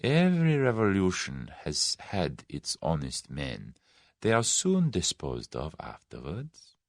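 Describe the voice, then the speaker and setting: A man voicing Boris, a cynical conspirator who speaks softly and sinisterly. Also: sits low, big pitch swings, normal speed, dry recording, clean studio sound. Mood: sly. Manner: soft, sinister, amused.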